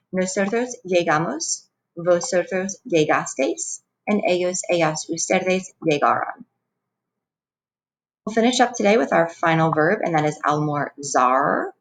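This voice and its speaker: Woman Spanish teacher, low voice, patient and clear video-lesson delivery. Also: rough recording. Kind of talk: recorded classroom lesson.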